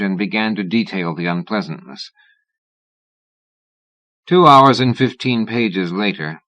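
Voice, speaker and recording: A man reading a horror novel aloud as an audiobook narrator, in a measured, even-toned way. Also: fairly low pitch, dry recording.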